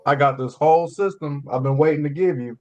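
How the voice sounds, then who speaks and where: A man's voice: a little high, brisk, lo-fi sound. A man talking bluntly and teasingly with family over a video call. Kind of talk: casual family chat.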